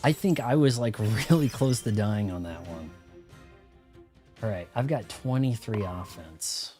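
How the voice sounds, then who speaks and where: A man's voice: on the low side, a little slow, mellow. A man streaming live gameplay, rambling and cracking jokes as he plays, with game music behind him. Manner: rambling, joking asides while playing.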